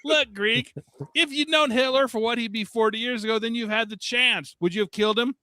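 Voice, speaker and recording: A man's voice: very high-pitched, brisk, bright, forceful tone, pitched above the performer's own voice. A man voicing a brooding, uneasy man in a short story, with an Irish accent. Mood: agitated.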